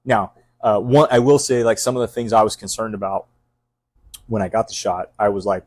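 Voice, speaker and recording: A man's voice: lowish voice, fairly even intonation, a little fast, a little mellow, no room sound. A middle-aged man, a fire captain, talking casually in an intense, rambling way, full of restarts and fillers. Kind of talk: casual podcast conversation.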